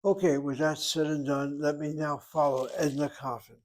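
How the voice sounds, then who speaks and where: A man teaching a Hebrew grammar lesson, sounding out words slowly and repeating them for his students. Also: fairly high pitch, flat delivery, slight background noise, low-quality recording.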